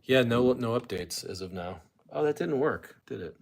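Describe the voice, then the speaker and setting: A man's voice: medium pitch, expressive, moderate pace, vocal fry. A middle-aged man hosting a casual solo livestream from home, rambling and joking straight to his viewers. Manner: rambling, jokey, talks to viewers directly. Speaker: livestream host.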